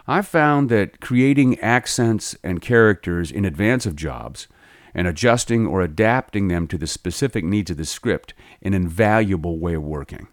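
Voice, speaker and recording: A middle-aged man teaching a voiceover lesson in a measured, explanatory way. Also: on the low side, no echo, studio quality. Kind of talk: instructional narration.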